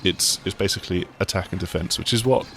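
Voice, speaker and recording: A man's voice: low voice, fast, gravelly, a bit bright, slight background noise. A man hosting a casual video game chat, talking in a rambling, enthusiastic way. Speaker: gaming site host.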